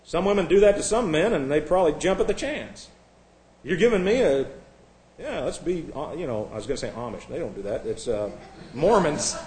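A fairly high-voiced man preaching with a combative, sarcastic edge. He shifts between quiet, confiding asides and loud, mocking outbursts. The sound carries a noticeable room echo. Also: animated, brisk. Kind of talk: sermon.

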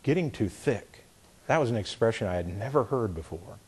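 A man's voice: lowish voice, expressive, normal speed, a little mellow, slightly rough. A middle-aged man teaching a Bible lesson in a folksy sermon style, repeating phrases and reading lines aloud to show a point.

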